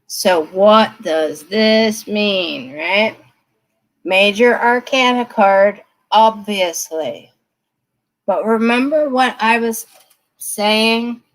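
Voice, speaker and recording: A woman's voice: mid-range voice, extremely slow, low-quality recording. A woman giving tarot readings on a live stream, chatting straight to her viewers and laughing often. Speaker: tarot reader.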